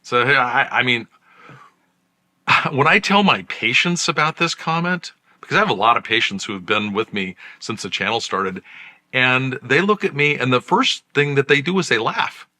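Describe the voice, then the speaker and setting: A middle-aged psychiatrist and channel host talking straight to the camera, conversational and emphatic, full of rhetorical questions. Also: male voice, mid-range voice, expressive, moderate pace, pushed and bright. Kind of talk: direct-to-camera commentary.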